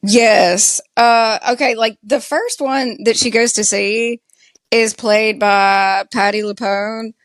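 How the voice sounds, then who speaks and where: Woman, Southern US accent, unhurried speech, chatty filler-heavy podcast talk, dry close sound. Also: a little high, steady tone, no echo. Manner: slow, chatty, lots of "like" fillers. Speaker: podcast co-host. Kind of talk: casual TV recap chat.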